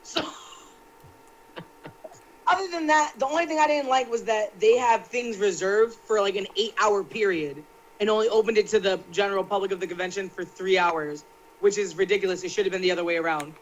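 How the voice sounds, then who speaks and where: A woman chatting as a guest on a fan talk show, animated and slangy as she vents her gripes. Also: mid-range voice, moderate pace, dull audio, slight background noise. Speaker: panel guest. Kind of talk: casual chat.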